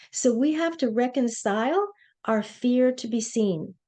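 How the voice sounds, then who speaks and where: A woman's voice: a little high, warm tone. A woman giving a motivational webinar talk as a coach, telling personal stories in an earnest way. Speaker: presence coach.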